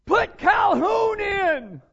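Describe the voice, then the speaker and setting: A man's voice: very high-pitched, big pitch swings, drawn-out words, fairly bright tone, pitched above the performer's own voice, heavily acted. A man voicing a frustrated middle-aged father who bellows from the football stands. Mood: shouting. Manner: bellowing from the bleachers. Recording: dull lo-fi sermon recording.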